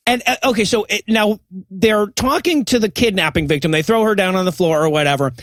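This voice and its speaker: A man co-hosting a comedy podcast, recapping a bad movie in a deadpan, sarcastic way. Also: high voice, a little fast, dry recording. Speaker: podcast co-host. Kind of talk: casual comedic movie riffing.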